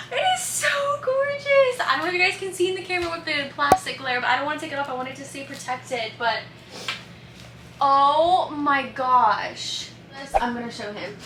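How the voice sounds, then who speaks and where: A young woman vlogging casually, gushing and excitable as she unboxes packages indoors. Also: high-pitched, normal speed. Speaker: lifestyle vlogger. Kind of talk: casual vlog chat, unboxing. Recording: echoey room, noisy background.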